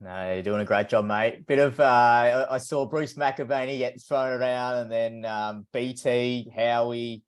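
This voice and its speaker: A man hosting a podcast, asking questions in a relaxed, matey way. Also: medium pitch, a little slow, hardly any pauses, clear, resonant tone. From Australia. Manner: easygoing, matey interviewer. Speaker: podcast host. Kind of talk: casual podcast chat.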